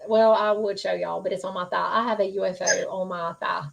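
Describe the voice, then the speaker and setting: A woman's voice: medium pitch, steady tone, a little fast, creaky, very noisy. A woman hosting a live-stream psychic reading, earnest and reassuring, speaking folksy with many fillers. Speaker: psychic medium host.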